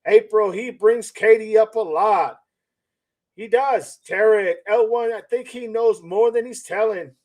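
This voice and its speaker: A man's voice: high-pitched, unhurried, a little mellow, rough recording. A man hosting a live-stream commentary, skeptical and repetitive, firing off rhetorical questions and reading viewer comments aloud. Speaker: channel host.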